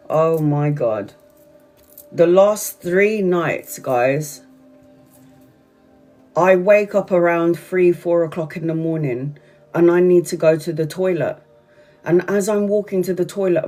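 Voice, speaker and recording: A woman's voice: lowish voice, a little slow, dark tone, faint music behind. Chatty woman telling a livestream story. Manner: chatty, repetitive storytelling with frequent swearing. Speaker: tarot reader on a livestream. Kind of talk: casual livestream chat.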